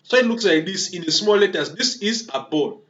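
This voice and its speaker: In a screen-recorded coding tutorial, a male instructor with a slightly high, fairly bright voice and lively intonation talks at a moderate pace. He walks through his typing step by step, restarts words, repeats himself, and constantly checks in with "okay?" and "yeah?", all on a dull lo-fi recording with faint hiss.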